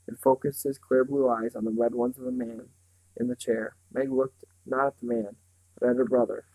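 A man reading a novel aloud in a steady, unhurried way, now and then slipping and starting a phrase over. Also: medium pitch, vocal fry, poor audio. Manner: steady, unhurried reading with small slips and restarts. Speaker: reader.

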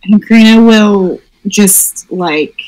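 A woman's voice: medium pitch, slow pace, darkish tone, rough recording. A woman playing a tabletop role-playing game, describing her character in a hesitant way with many fillers. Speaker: player.

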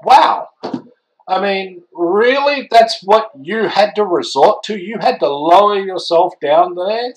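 A man's voice: high voice, slow, slight background noise, low-quality recording. A man ranting indignantly in an opinion vlog, exasperated and scolding. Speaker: vlogger.

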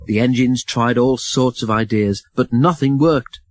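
Man, storybook narrator, expressive reading, husky voice, dry sound, medium pitch. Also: a little slow, no echo, rough recording.

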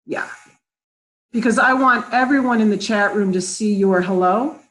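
A woman's voice: medium pitch, moderate pace, fairly bright tone, poor audio. A woman hosting a live online question-and-answer session over a video call, chatty and friendly, with some fillers. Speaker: host of an online conference preview. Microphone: computer mic on a video call.

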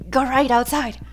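A high, light female voice that drawls along at a very unhurried pace. She chats casually over her game, gushing and breaking into giggles often, with faint game music playing behind her. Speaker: let's play host.

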